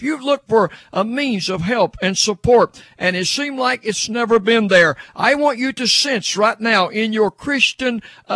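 An older man delivers a radio sermon in a high, ringing voice. He presses his points with fervent repetition and direct address to the listener. The sound is dry and close, with no room around it. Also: a bit bright, no echo. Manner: fervent, repeats "yes" and "sir". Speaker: preacher.

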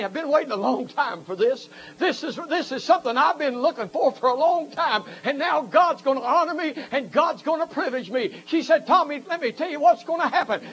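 A man preaching a fervent revival sermon, rising into shouted peaks. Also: very high voice, husky, poor audio. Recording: faint mains hum.

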